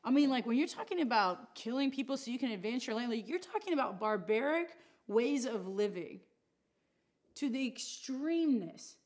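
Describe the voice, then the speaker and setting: A woman's voice: fairly high pitch, a little mellow. A woman teaching a Bible study class in a casual, joking way, with asides to the room. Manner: chatty and joking, with asides to the audience.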